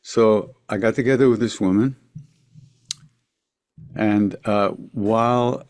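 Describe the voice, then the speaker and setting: An older man, telling a story as a podcast guest, reflective, with quiet asides trailing off. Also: on the low side, fairly even intonation, slow pace, no room sound. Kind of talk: storytelling in a conversation.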